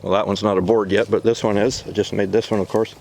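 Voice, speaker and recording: A man's voice: fairly low pitch, flat delivery, fast, vocal fry, darkish tone, a little hiss or hum. A man hosting a casual outdoor video, chatting to viewers in a folksy way as he works. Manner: chatty, folksy, talks to viewers while working. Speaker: video host. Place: outdoors at a log-milling site.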